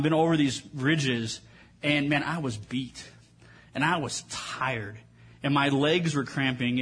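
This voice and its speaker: Male pastor, fairly high husky voice, preaches in a conversational storytelling way. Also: a bit bright. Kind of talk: sermon.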